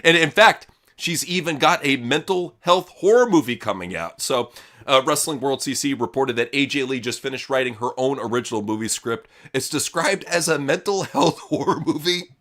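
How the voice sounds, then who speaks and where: Podcast host, man, bright animated voice, crude mocking banter. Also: medium pitch, normal speed. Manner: crude, mocking, laughs often. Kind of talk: casual wrestling news chat.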